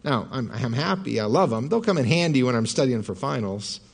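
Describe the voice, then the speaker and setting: A man voicing an outspoken young college woman who talks in a brisk, matter-of-fact way. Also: medium pitch, expressive, gravelly, in a large hall.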